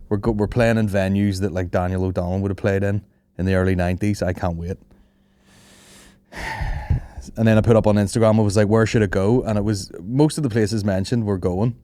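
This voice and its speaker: A man's voice: lowish voice, a little mellow, no room sound. A young man hosting a podcast, rambling through stories with lots of swearing and laughter. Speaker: podcast host. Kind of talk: casual chat.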